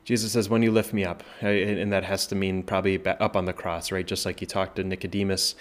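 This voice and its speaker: Conversational pastor, a man with a lowish voice. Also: flat delivery, fast. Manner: conversational, many "right?" tag questions and restarts, rises when voicing Jesus. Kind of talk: informal Bible study teaching.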